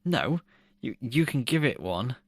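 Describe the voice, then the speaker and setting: A man's voice: mid-range voice, sing-song, a little slow, no echo, clean studio sound. A man co-hosting a podcast. He reviews a film in casual, jokey chat, laughing often and swearing freely. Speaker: podcast co-host.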